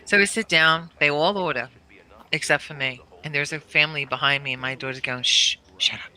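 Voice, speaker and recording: A middle-aged woman telling a funny family story in casual chat, animated and laughing between lines. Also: sits low, brisk. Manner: animated, laughs through her anecdotes.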